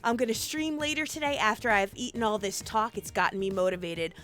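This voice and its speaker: Bubbly, lively-voiced woman hosting a stream. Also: fairly high pitch, a little fast, faint music behind. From not British. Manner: bubbly, giggly, exclamatory. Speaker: host. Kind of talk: casual chat, live stream.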